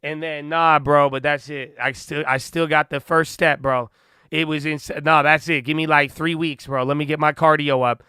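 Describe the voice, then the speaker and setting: Young dude on a live stream, hyped and slangy, kinda winded, bright dry close voice. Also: male voice, on the high side, steady tone, moderate pace, clean tone, dry recording. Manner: hyped, slangy, shouts out viewers. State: winded, out of breath. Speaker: live-stream trading host. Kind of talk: casual live-stream chat.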